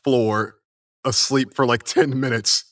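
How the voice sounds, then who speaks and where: A man doing a kindly adult guardian in a fan audio role-play, rambling along with plenty of hesitations and offhand jokes. The voice sits at a middling pitch, recorded close and dry. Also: steady tone, takes it slowly, a bit bright, no room sound. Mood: easygoing.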